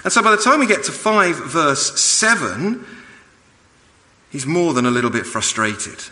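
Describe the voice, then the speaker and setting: A man preaching a sermon, animated and rising in pitch when he quotes the apostle. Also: measured pace, in a large hall.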